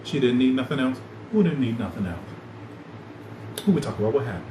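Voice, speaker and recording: Man, casual podcast rambling, slangy, roomy echo, loud ambient noise. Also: mid-range voice, a little fast. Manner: loose, rambling, animated, slangy. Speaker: podcast host. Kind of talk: casual chat.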